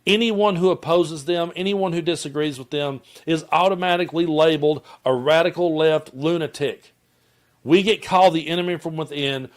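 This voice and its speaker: A man with a Southern accent delivers heated political commentary straight to his viewers. His voice sits a bit high for a man, and he presses his points with blunt conviction. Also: moderate pace. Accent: Southern American. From Tennessee. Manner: impassioned, addresses viewers as folks.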